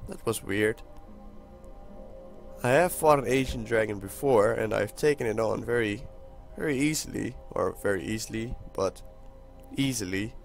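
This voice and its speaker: A young man hosting a casual let's-play, excitable and chatty with his viewers, with a hoarse voice that keeps cracking. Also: fairly low pitch, moderate pace, faint music behind. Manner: excitable, talks to viewers while playing. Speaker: gaming channel host.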